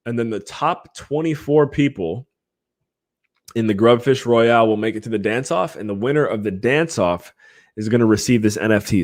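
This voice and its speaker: A man hosting a live podcast stream, chatting casually and hyping the giveaways for his viewers. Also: fairly low pitch. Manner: excitable, hypes the giveaways with countdowns.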